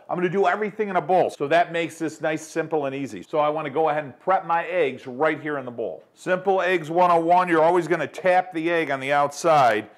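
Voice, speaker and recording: A middle-aged man hosts a cooking show in his home kitchen, talking to viewers in an upbeat, chatty way. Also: on the high side. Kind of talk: casual cooking demonstration.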